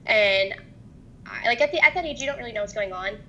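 Woman, young adult, halting interview testimony, gravelly edge, faint low rumble. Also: animated, sharp tone, muffled recording. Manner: halting, hesitant, many restarts. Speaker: guest.

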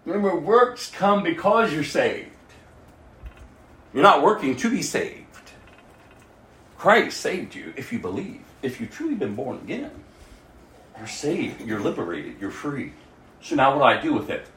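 A male pastor delivers a sermon with a high, lively voice that leaps up and down. He shifts between hushed asides and loud, emphatic exhortation. The sound is roomy, as if from a church hall. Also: a little slow, pauses often, slight background noise.

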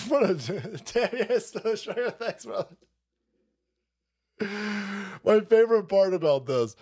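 A man's voice: fairly high pitch, darkish tone. A man hosting a live stream, reacting to news clips with mocking, profane commentary and frequent laughter. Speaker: stream host.

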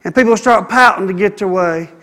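A man preaching a sermon, animated and acting out the people he quotes. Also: high voice, a little fast, long reverb tail. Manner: animated, acts out quoted people, calls for amen.

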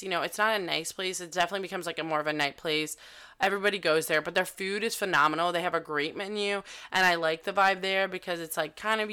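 A young woman hosts a casual podcast and tells a dating story with frank, animated energy, cursing freely. Her voice sits a little low in pitch for a woman, yet it sounds bright, crisp and smooth. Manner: candid, animated, swears freely. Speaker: podcast host.

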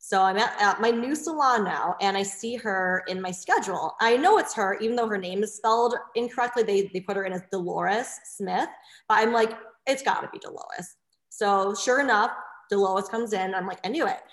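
Woman salon owner, casual and animated storyteller, middle pitch, echoey room. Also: normal speed.

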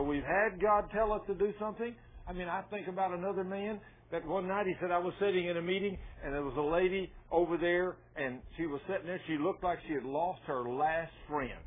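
A man's voice: on the high side, a little hiss or hum. A man preaching a folksy sermon, telling stories with self-mocking, chuckling asides. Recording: tinny phone-like radio sound.

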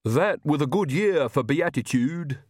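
A mock-solemn male servant, put on by a man reading a storybook aloud. The voice is raised, slow and drawn out. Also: on the high side, animated, a little mellow, slightly rough, no echo, clean studio sound, pitched above the performer's own voice. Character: gleeful hidden male servant calling from above.

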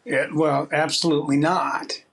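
A man's voice: a little high, flat delivery, measured pace, a bit bright. A man co-hosting a casual podcast chat, talking reflectively and acting out his own inner voice. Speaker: podcast co-host.

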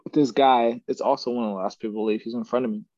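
Fast and mid-range, this man hosts a podcast, spinning his own stories in easygoing conversation with frequent laughter. His animated telling comes through a dry, dull, lo-fi recording.

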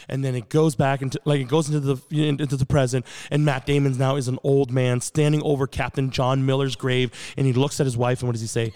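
A man's voice: medium pitch, fast talker, creaky, dark tone. A man guest on a podcast, telling a personal story in an earnest, rambling way with lots of fillers. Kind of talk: casual storytelling conversation.

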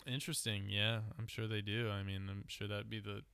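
A young man talks through the news on a podcast, dry and wry, with profane jokes tossed in. His voice sits a bit low and sounds smooth and clear. The recording is dry and close-miked. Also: flat delivery, a little fast, sharp tone, dry recording. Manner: sardonic, joking, profane. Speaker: podcast co-host. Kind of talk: casual political chat.

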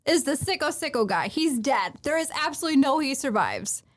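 A woman's voice: high voice, big pitch swings, fairly quick. A woman co-hosting a casual podcast, teasing and blunt, laughing often and swearing casually while recapping an anime. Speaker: podcast co-host.

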